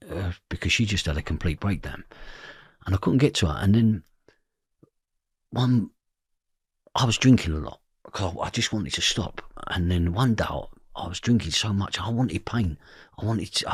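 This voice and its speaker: Husky low-voiced London man. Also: no room sound, clean studio sound. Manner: blunt, swears, acts out dialogue. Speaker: interview guest. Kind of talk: emotional storytelling in an interview.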